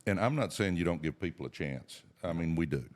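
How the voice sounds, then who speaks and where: A man's voice: sits low, lively intonation, fairly quick. A middle-aged man co-hosting a business podcast, talking in a folksy, earnest pep-talk way. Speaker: podcast co-host. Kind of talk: casual business podcast chat.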